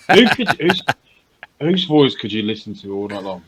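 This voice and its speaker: A man's voice: fairly low pitch, sing-song, moderate pace, background noise. A man co-hosting a casual podcast chat, teasing and joking and swearing freely. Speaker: podcast co-host.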